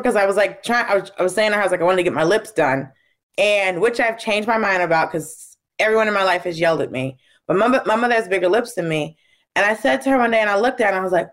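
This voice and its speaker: A woman comedian talking casually as a guest and telling stories, acting out family members in quick, shifting voices. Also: fairly high pitch. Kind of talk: casual interview storytelling.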